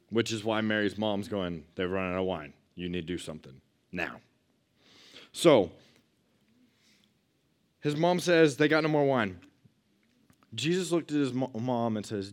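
A man giving a relaxed, conversational Bible lesson to young listeners. He talks at an ordinary mid pitch and keeps it lively, slipping into little performed voices for the people he quotes. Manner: chatty and animated, acts out quoted lines. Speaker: youth Bible teacher.

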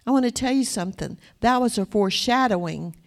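A woman preaching a sermon in a conversational, animated way, acting out little asides to the congregation. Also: on the high side, a little fast, vocal fry.

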